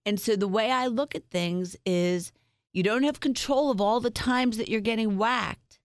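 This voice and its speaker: A woman's voice: on the high side, moderate pace, no room sound, clean studio sound. A middle-aged woman guest telling personal stories in an interview, frank and upbeat, using humor. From Springfield, United States.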